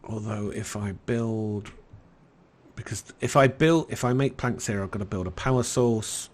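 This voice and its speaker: An Englishman with an English accent giving relaxed let's-play commentary in a soft, soothing, unhurried way. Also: on the low side. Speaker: game commentator.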